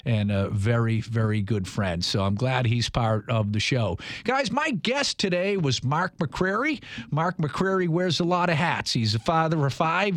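A man's voice: medium pitch, dry recording. A man in his fifties hosting a talk show, rambling and earnest with many restarts. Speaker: radio show host.

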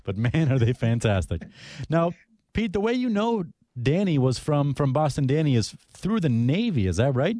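A man from Florida co-hosting a radio show, chatting with quick, enthusiastic asides. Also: a little high, very animated, dark tone, no echo, clean studio sound. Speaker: radio co-host. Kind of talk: casual radio chat.

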